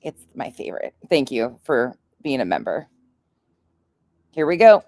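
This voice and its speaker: A woman with a low voice, recorded dry and close to the mic. She hosts a commentary stream in a casual, crude way, mocking the clips she plays and laughing along. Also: sing-song, a little slow, vocal fry, mellow, dry recording.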